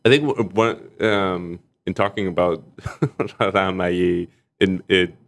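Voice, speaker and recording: A man's voice: low-pitched, fairly even intonation, takes it slowly. A young man, a guest on a podcast, telling stories casually and laughing often as he talks. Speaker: arts executive director and stage actor, podcast guest. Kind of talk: casual storytelling in a podcast chat.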